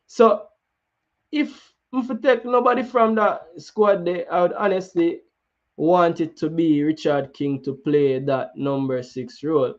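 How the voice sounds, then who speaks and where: Through a muffled recording, a man with a slightly high voice talks at a measured pace. He's a football channel host with a Jamaican accent, chatting informally, breaking into patois, and restarting often.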